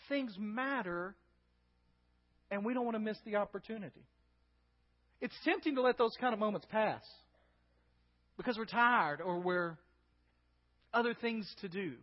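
A male pastor preaching a sermon in a conversational way, often checking in with the congregation. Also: high voice. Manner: conversational, asking the crowd "right?". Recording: dull lo-fi with long hall reverb.

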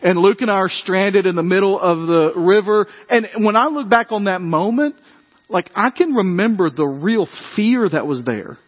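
A man preaching a sermon, telling animated family stories in a conversational way and acting out the voices. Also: high voice, moderate pace, in a large hall, highs cut off. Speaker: pastor. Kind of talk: sermon storytelling.

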